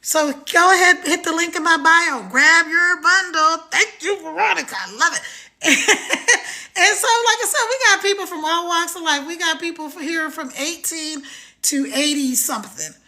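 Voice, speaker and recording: A middle-aged woman hosting a live stream, giving an energetic, motivational pitch straight to her viewers. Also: moderate pace. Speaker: live-stream host promoting a program.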